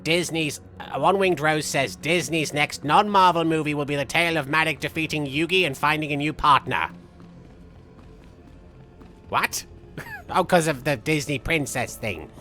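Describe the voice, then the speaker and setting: A man's voice: fairly high pitch, pushed and bright. A man streaming a game in the persona of a vain, theatrical cartoon villain, reading chat aloud and joking. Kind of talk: live game stream chat with in-character banter. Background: faint game music.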